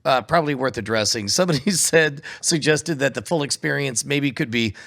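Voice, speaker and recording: A man co-hosting a casual podcast, talking in a halting way with many fillers and restarts. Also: medium pitch, creaky, a bit bright. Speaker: podcast co-host. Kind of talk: casual chat.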